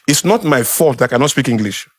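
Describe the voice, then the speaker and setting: Nigerian man talking with animated emphasis. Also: medium pitch, fast talker, slightly rough. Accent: Nigerian (Yoruba). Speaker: speaker. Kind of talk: informal talk to a small group.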